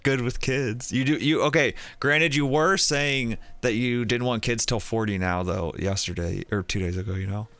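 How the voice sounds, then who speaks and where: A man's voice: mid-range voice, moderate pace, hardly any pauses, fairly bright tone. A man chatting casually on a live stream, rambling with lots of fillers and restarts.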